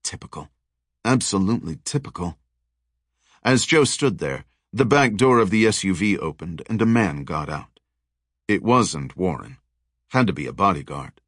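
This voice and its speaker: A man's voice: low-pitched, expressive, moderate pace, a bit bright, dry recording. A man reading an audiobook in a wry, dry storytelling manner. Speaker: audiobook narrator. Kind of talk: scripted narration.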